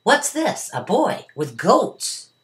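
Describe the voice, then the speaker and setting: Lady doing a growly old storybook wolf, cranky and hungry, kinda low. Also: expressive, moderate pace. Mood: eager. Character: hungry old male wolf, grumpy and scheming.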